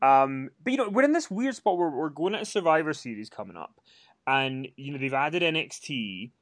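A man co-hosting a podcast, animated and prompting his partner with questions. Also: fairly high pitch, moderate pace, no echo, clean studio sound. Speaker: podcast co-host. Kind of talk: casual chat.

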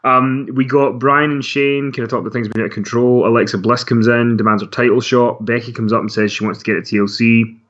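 A man's voice: medium pitch, fairly even intonation, quick pace, few pauses, a bit bright. A man co-hosting a wrestling podcast in casual chat, rambling and self-mocking with frequent laughs. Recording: dull lo-fi sound.

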